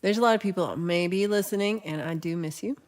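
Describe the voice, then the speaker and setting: A woman's voice: lowish voice, fairly quick, a little mellow. A woman hosting a casual livestream, chatting, teasing and laughing as she reads viewer comments. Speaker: livestream host.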